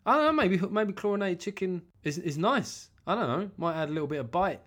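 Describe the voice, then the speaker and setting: A man hosting a comic podcast monologue, animated and sweary, with self-mocking asides. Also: high voice, fairly quick. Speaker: comedian podcast host.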